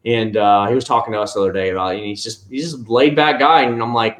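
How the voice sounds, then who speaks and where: A man's voice: fairly low pitch, fairly even intonation, fast, hardly any pauses, a bit bright. A man hosting a casual live stream from home, rambling easily about cars and answering viewer chat one comment at a time. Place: at home, family nearby. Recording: roomy echo.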